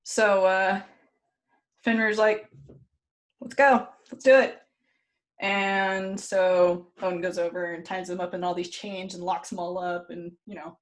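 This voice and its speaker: A woman's voice: on the low side, little pitch movement, a little slow. A woman podcast host telling a story casually in a loose, jokey way, with fillers and the odd curse.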